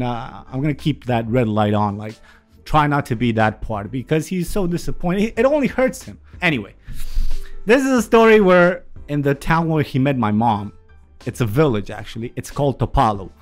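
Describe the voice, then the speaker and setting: A man in his thirties from Romania telling a family story in a casual, profane, animated way, often laughing. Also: fairly high pitch.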